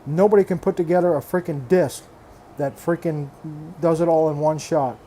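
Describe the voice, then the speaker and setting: Older male hobby vlogger, blunt and fed up, mellow tone, faint room noise. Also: a little high, fairly even intonation, normal speed. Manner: exasperated, blunt, swears freely; repeats himself, restarts phrases. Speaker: reef aquarium hobbyist vlogger. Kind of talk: frustrated casual rant.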